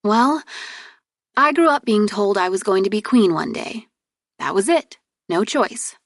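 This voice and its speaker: A woman reader voicing a proud, exasperated young princess heir in an audiobook, with sharp, indignant retorts. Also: mid-range voice, expressive, a little slow, no room sound, clean studio sound. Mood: earnest.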